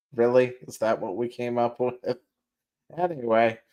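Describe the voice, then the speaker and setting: Taking his time, a man with a mid-range, slightly dark voice hosts an informal podcast. He reads out news stories and ridicules them, laughing, swearing and laying on the sarcasm.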